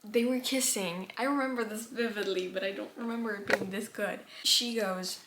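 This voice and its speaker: Young woman in her twenties, casual gushing book vlogger, mid pitch, faint noise underneath. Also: moderate pace, few pauses. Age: 20s. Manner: gushing, animated, drops to near-whispers at times. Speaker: booktuber reading vlogger. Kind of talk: casual chat.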